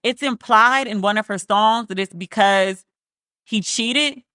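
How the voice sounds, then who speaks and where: Woman, sarcastic, swears a lot, animated review chat, dry close sound. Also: medium pitch, measured pace, no echo. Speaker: commentary host. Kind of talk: casual review commentary.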